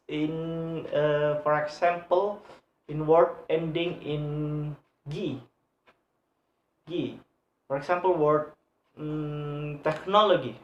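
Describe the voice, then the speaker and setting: A student giving a recorded class presentation on word stress, hesitating often with filler sounds and repeating each example word several times. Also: mid-range voice. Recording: echoey room.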